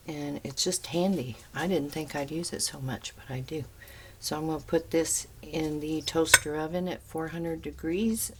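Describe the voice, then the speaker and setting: A middle-aged woman with a notably low voice talks viewers through a cooking demo in her kitchen. Her manner is chatty and homey as she explains each step. There is a faint hum of room ambience behind her. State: talking with her mouth full. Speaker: home cooking vlogger. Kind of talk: casual cooking demonstration. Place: home kitchen.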